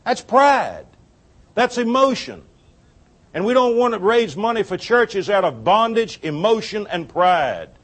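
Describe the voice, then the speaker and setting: A man with a notably high voice tells a church story as part of a sermon. He is a folksy, animated storyteller who chuckles often. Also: measured pace. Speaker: church speaker on giving.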